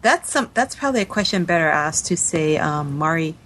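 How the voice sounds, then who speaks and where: Woman, podcast panelist, lowish pitch, animated, fast, restarting sentences. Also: rough recording. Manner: animated, quick, with frequent restarts. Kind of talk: casual panel discussion.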